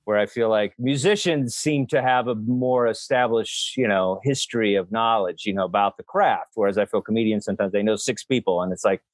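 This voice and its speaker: A man's voice: fairly low pitch, brisk, hardly any pauses, no room sound. A man hosting a casual comedy podcast over a video call, rambling and self-deprecating, with lots of fillers. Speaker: podcast host. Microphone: unplugged mic, sound via built-in mic.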